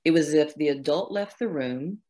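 A woman's voice: deep voice, moderate pace, warm tone. A middle-aged woman, a guest author in an interview, talking earnestly about her own healing and acting out her inner dialogue. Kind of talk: reflective interview talk.

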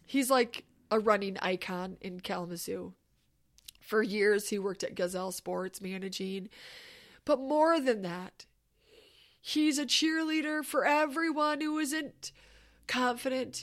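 A woman telling a personal story in an animated, emphatic, conversational way. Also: a little high.

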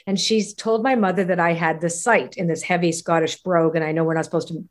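A woman from Canada speaks as an interview guest, telling her life story with lively energy and frequent laughter. She slips into the voices of the people she quotes as she goes, keeping the tone conversational. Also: fairly low pitch, fast talker. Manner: animated, laughs often, acts out quoted voices.

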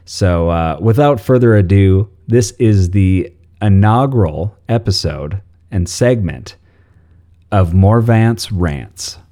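A man's voice: low-pitched, expressive, slow, dark tone. A man hosting a podcast, introducing a new segment in a casual, rambling way with many fillers. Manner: rambling, full of fillers and restarts. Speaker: podcast host.

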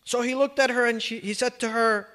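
A man with a very high voice tells a religious story in an emphatic sermon style, slipping Arabic phrases into his English. His voice carries a long reverb, as if he is speaking in a large hall. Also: fairly even intonation, a little fast, bright, forceful tone. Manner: emphatic storyteller, acting out quoted speech, rich in Arabic phrases.

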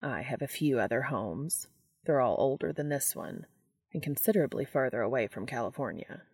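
A woman voicing an ancient, calm, gently amused male angel in a fan fiction audiobook, speaking low, soft and unhurried. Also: husky, no room sound, studio quality, full character voice.

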